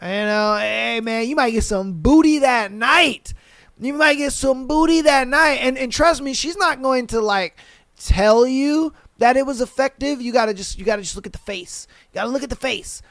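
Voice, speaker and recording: Hoarse, swaggering man with a high voice. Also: moderate pace, fairly bright tone, no echo. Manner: crude, swaggering, repeats himself. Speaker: podcast host. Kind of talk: casual chat reading listener stories.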